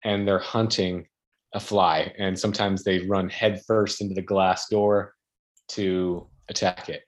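A young man with a lowish voice guests on a podcast and tells stories in a dry, self-mocking way. He talks easily, with casual pauses. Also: level tone. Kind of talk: casual storytelling.

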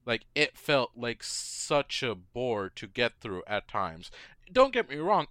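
A man co-hosting a podcast in casual chat, his pitch swinging widely as he stresses his blunt opinions. His voice is bright and crisp, recorded dry and close. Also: dry recording. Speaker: podcast co-host.

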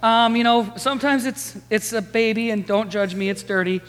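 A man in his thirties, a pastor preaching a sermon in a lively, storytelling way, chatting with the congregation. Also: high-pitched, moderate pace. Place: church sanctuary. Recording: long hall reverb.

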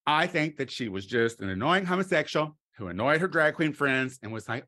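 A middle-aged man delivering a crude comedic monologue, campy and animated, swinging between loud exclamations and low muttered asides. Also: fairly quick, hardly any pauses.

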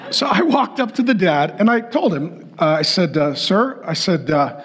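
A man's voice: high-pitched, takes it slowly, long pauses, a little hiss or hum. A man preaching a sermon to a congregation, telling a story and acting out the people in it. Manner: animated, acts out quoted voices. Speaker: pastor.

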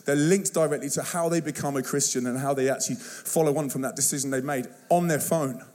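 A man preaching an energetic sermon to a church, telling stories in a punchy, slangy, excitable way. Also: medium pitch, fast. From United Kingdom. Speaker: guest youth evangelist. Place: church service.

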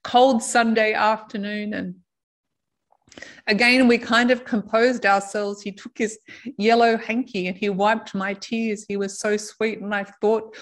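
A woman telling a personal story in a soft, reflective way, laughing now and then. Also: on the high side, fairly even intonation, measured pace. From Australia. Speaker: intuitive reader.

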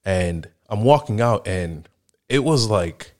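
A man's voice: on the low side, animated, slow, darkish tone. A man in his thirties from the Chicago area, hosting a podcast and telling casual, rambling stories, laughing often and peppering his talk with "like" and "right?". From Chicago area, United States. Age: 30s. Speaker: podcast host. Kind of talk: casual storytelling monologue.

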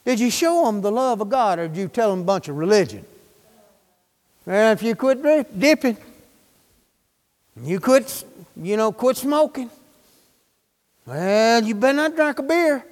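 A preacher, a man with a high voice, delivers a fervent, folksy sermon. He peppers the congregation with quick questions. His voice rings out with a long reverb in a church hall. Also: animated.

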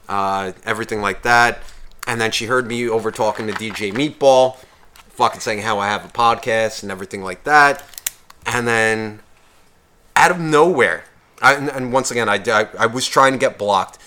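A man co-hosting a podcast, telling a rambling story full of swearing in casual, animated talk. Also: medium pitch, moderate pace. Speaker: podcast co-host.

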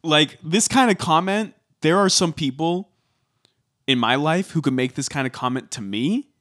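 A man's voice: on the high side, animated, moderate pace, fairly bright tone. A man co-hosting a podcast, recapping a reality show in casual chat and hedging with likes and ums. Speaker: podcast co-host.

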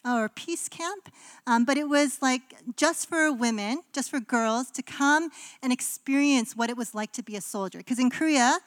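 A woman's voice: high voice, normal speed, no room sound. A woman pastor from Canada giving a conversational sermon in a casual, chatty way, with frequent ums and likes.

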